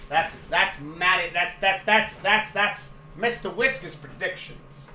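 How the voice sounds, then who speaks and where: A man in his thirties hosts a casual sports live stream from a room at home, chatting, joking, and swearing. His high-pitched voice moves a little slowly, and the echoey recording has a noisy background.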